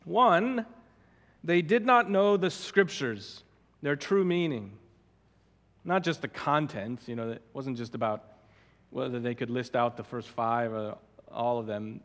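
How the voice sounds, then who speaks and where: A man's voice: medium pitch, unhurried, a bit bright. A male pastor preaching an expository sermon, emphatic, repeating and stressing words as he teaches. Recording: long hall reverb.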